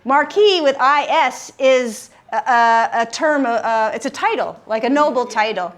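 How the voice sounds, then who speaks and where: A woman leading a group word game class, upbeat and encouraging, slowing down to stress syllables. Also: sits high, animated. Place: room with a live group.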